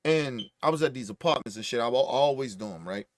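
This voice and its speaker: A man hosting a podcast, telling stories in casual, profane, animated commentary and acting out what others said. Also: mid-range voice, a little fast, dry recording, studio quality. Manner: profane, animated storytelling with acted-out quotes. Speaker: podcast host.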